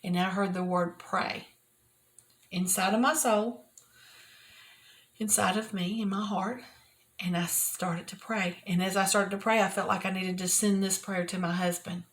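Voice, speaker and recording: An older woman, sharing a personal devotional talk from her office in an earnest, repetitive, often soft-spoken way. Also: mid-range voice, fairly even intonation, a little slow. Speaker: Christian video host. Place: private office at work.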